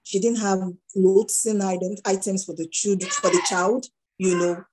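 A woman's voice: mid-range voice, normal speed, a little hiss or hum, rough recording. A middle-aged Nigerian woman speaking as an interview guest, telling stories and acting out the dialogue in them. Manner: animated storyteller who acts out dialogue. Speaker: guest entrepreneur. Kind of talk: conversational interview.

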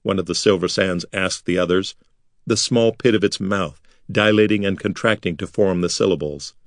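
A man reading a fantasy novel aloud as an expressive audiobook narrator. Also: low-pitched, normal speed, no echo, clean studio sound. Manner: lively, expressive storytelling.

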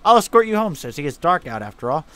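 A man voicing an earnest, determined young man in a horror video game, reading in a steady way. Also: a little high, fast talker, no room sound.

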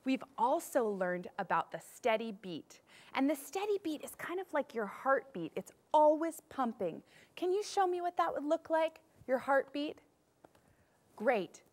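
Woman music teacher, high voice, very lively sing-song delivery, cheerful, leads call-and-response. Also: measured pace. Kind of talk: children's music lesson.

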